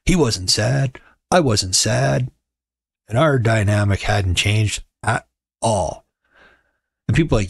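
Wry, low-voiced man telling stories. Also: slow, gravelly, pauses often, no room sound, clean studio sound. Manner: wry, joking, conversational. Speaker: podcast host. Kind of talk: casual storytelling monologue. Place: home.

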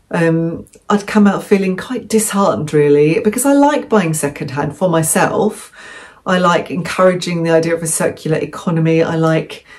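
A woman's voice: sits low, a little mellow. A chatty woman from England talking casually through a secondhand clothing haul, rambling and correcting herself as she goes. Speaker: vlogger.

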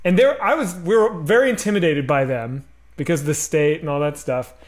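A man co-hosting a casual comedy stream, telling a story with quick impressions. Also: fairly high pitch. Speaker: comedy group member, stream co-host. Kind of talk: casual chat, anecdote telling.

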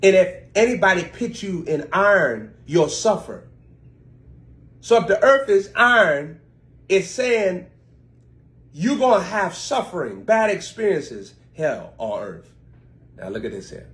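A man preaching a live-streamed sermon. He reads scripture slowly and then explains it in informal, chatty asides to his viewers, with sudden swings in pitch and loudness. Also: big pitch swings. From United States.

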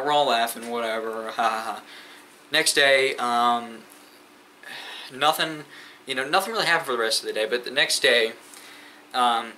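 A teenage boy, a sophomore in high school, telling school stories in a rambling, profane way with many fillers. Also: pushed and bright, a little hiss or hum, rough recording. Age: teens. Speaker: vlogger. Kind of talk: casual storytime rant.

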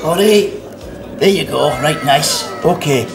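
A Scottish man hosts an easygoing cooking demo in an activity centre kitchen, chatty and fond of "aye" and "all right." His voice is on the high side, creaky and a bit slow. The recording is very noisy, with echo, a far-off mic and music underneath.

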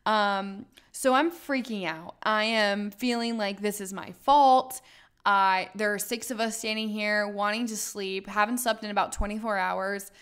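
A woman's voice: mid-range voice, steady tone, measured pace, a bit bright, clean tone. A young woman hosting a podcast, telling a travel story casually, with dramatic retelling and lots of fillers. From United States. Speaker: podcast host.

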